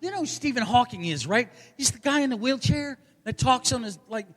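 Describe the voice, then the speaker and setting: A man's voice: very high-pitched, lively intonation, brisk, fairly bright tone. A man in his forties doing a stand-up comedy set, delivering brash, profane, self-mocking punchlines. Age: 40s. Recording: long hall reverb.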